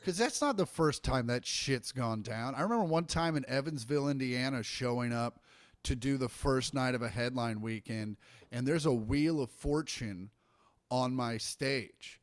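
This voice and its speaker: Here a middle-aged stand-up comedian chats on a podcast, spinning profane anecdotes and performing each quote with lively animation. He speaks at a normal speed in a mid-range voice, with no room sound at all.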